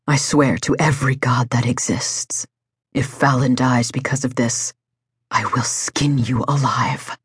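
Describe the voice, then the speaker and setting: A woman's voice: extremely low pitch, fairly even intonation, unhurried, slightly rough, dry recording, pitched below the performer's own voice, full character voice. A woman voicing a desperate, vengeful male werewolf who sneers and hisses in anger. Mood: menacing. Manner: sneering, hissing and menacing.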